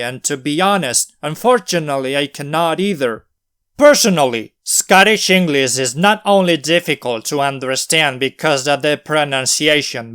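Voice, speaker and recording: Man, fairly high voice, smooth and clear, scripted lesson narration, careful and measured. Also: a bit bright. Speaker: language video host.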